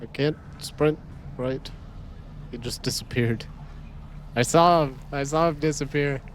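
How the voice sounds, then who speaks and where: A man gives relaxed, joking commentary to himself while he plays a game. His voice sits a little high and he takes his time with each thought. A faint hiss of noise stays under his voice. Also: unhurried. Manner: playful, jokey, talks to himself. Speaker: let's play host. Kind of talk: casual gameplay commentary.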